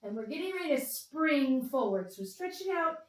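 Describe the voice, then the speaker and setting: A woman leading a yoga class for young children, talking them gently and playfully through animal poses and animal sounds. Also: high-pitched, very animated, moderate pace. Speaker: kids yoga instructor. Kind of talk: guided kids yoga class. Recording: echoey room, distant from mic.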